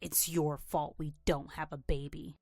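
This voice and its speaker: A woman's voice: deep voice, little pitch movement, a little slow, a little mellow, dry recording, studio quality, faint music behind, pitched below the performer's own voice. A woman playing a cold, scornful husband. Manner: scornful, curt and demanding. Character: cold dismissive young husband, man.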